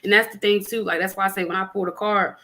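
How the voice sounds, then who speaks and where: A young adult woman in casual spiritual chat on a podcast, animated and preachy, talking plainly with lots of fillers. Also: mid-range voice, fast talker. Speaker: podcast guest.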